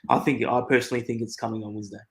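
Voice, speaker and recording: A man co-hosting a casual show, chiming in with short relaxed remarks. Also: mid-range voice, racing. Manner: relaxed, brief agreeing interjections. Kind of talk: casual livestream chat.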